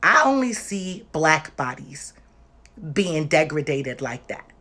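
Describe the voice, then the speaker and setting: A woman's voice: deep voice, sing-song, takes it slowly, bright, forceful tone. A woman talking on a livestream, tearful and exhausted, speaking emphatically and directly with lots of repetition. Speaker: livestream host. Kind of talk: impassioned livestream talk.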